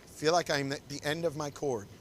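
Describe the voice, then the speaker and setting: Male photographer-instructor, high-pitched, encouraging, keeps directing poses on a body mic. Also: fairly even intonation, brisk, a little hiss or hum. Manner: upbeat, coaxing, directs the couple constantly. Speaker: wedding photographer teaching. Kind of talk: live posing demonstration. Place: confined indoor shooting space.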